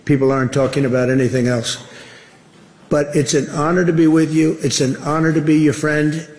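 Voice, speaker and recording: A man delivers formal public remarks in an even, monotone delivery, repeating his flattering phrases. His voice is mid-pitched. A long hall reverb trails after every line. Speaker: visiting head of state giving remarks.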